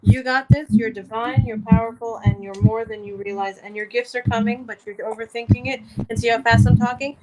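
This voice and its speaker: A woman's voice: fairly high pitch, fairly even intonation, fairly quick, few pauses. A woman doing a casual card reading, talking in a chatty, encouraging way and laughing often. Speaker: card reader. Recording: loud background noise.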